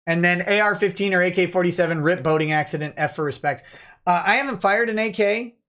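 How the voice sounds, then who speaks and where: Guy with a kinda high voice reading chat on a chill stream, offhand and chatty. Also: fast talker, fairly bright tone. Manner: reads donor messages aloud, chatty and offhand. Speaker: livestream host reading chat. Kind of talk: relaxed live-stream chat.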